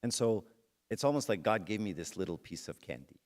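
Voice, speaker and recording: A man's voice: lowish voice, lively intonation, a little fast, a little mellow. A middle-aged man giving a conversational church talk that centres on a personal story, speaking straight to the audience. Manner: conversational, addresses the audience directly.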